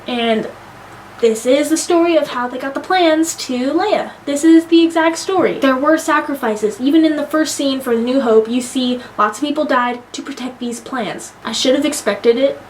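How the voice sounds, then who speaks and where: Young woman, high voice, gushing fangirl energy, swears a lot; casual vlog reviewer. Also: a little hiss or hum. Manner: excitable, gushing, swears freely. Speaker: movie reviewer.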